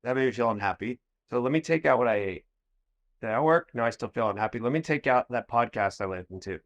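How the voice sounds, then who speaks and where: Podcast host thinking out loud. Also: male voice, mid-range voice, lively intonation, fast. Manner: explains by talking through examples in his own head. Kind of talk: casual conversation.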